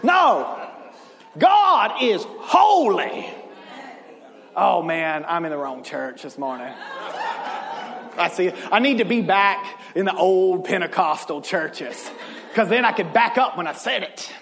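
A male pastor preaching a sermon in a church, his very high voice leaping widely up and down in pitch. He preaches with passion and builds to shouts. A long reverb of the church hall trails every phrase. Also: lively intonation, unhurried, creaky. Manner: impassioned preaching that rises to shouts.

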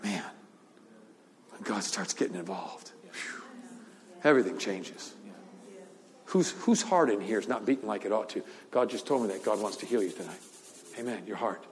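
Laughing older preacher in a big hall. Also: male voice, on the low side, normal speed, long pauses. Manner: lively storyteller, laughs often, repeats words. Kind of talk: sermon with storytelling. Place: large church hall. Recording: long hall reverb.

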